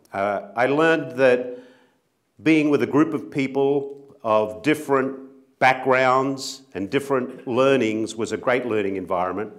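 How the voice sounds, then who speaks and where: A middle-aged Australian man giving an earnest, gently self-mocking speech to an audience as a company chief executive. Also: medium pitch. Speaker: company CEO speaker.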